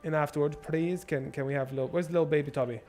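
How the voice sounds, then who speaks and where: A young man streaming a strategy game, swearing and thinking out loud as he plans and shops. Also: a little high, steady tone, fast, faint music behind. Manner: profane, rambling, thinks out loud. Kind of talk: casual gameplay livestream commentary.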